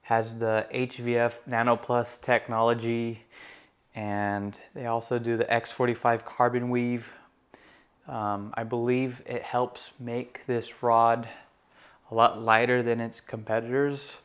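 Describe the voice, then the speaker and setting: A young man talks casually about fishing gear, relaxed and rambling, full of "um" and "you know." His voice sits at an ordinary middle pitch, and he perks up when something excites him. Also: takes it slowly. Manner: relaxed, rambling, many fillers. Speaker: gear reviewer. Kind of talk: casual product review.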